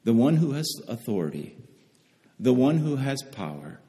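A man's voice: mid-range voice, big pitch swings, normal speed, dark tone. A man preaching a sermon in an earnest way, often repeating phrases for emphasis. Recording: long hall reverb.

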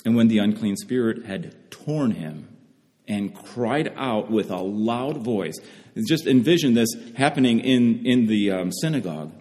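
Earnest preacher in a reverberant hall. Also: male voice, on the low side, lively intonation, unhurried, a little mellow. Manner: earnest, repeats phrases for emphasis. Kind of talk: sermon.

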